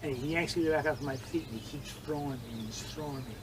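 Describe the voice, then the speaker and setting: An older man telling vivid stories in an interview, acting out quoted lines and swinging between loud and hushed. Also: medium pitch, a little fast, background noise. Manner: animated storyteller, acts out quotes, swings loud and soft. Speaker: interviewee, former judo training partner. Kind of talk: storytelling interview.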